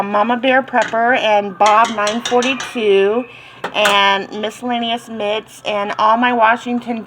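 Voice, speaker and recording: Slow-talking Southern woman in a kitchen. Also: fairly high pitch, fairly bright tone, a little hiss or hum, low-quality recording. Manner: rambling, chatty, many ums and laughs. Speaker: home cooking channel host. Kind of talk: casual kitchen chat.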